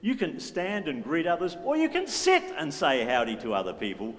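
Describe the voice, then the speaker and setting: A man's voice: on the high side, wildly swooping pitch, normal speed. Playful man leading church. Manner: playful, joking, coaxing the congregation. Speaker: worship leader. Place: church hall. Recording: reverberant church hall with faint music.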